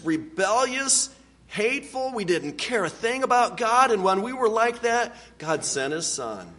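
A man preaching a sermon, earnest and deliberate, dropping to a hushed low voice on key words. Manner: unhurried, deliberate delivery with pauses. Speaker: pastor.

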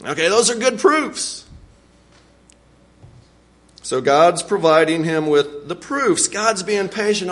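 Animated high-pitched man teaching Bible. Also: slow pace, long pauses. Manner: animated, acts out scripture, laughs often. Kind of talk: Bible lesson.

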